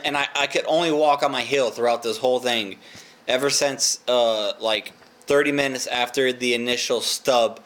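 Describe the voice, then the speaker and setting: A young man tells a long story in a loose, rambling way, swearing freely and poking fun at himself. His voice sits at an ordinary mid pitch, and the talk is casual vlog chat. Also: a bit bright. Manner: rambling, profane, self-mocking. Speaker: vlogger.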